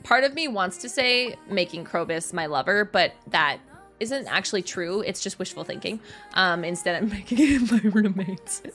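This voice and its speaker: A woman's voice: medium pitch, animated, moderate pace, a bit bright, soft background music. A young adult woman streaming a cozy game, chatting casually and telling a story with giggles and self-mocking asides. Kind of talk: casual chat while gaming on stream.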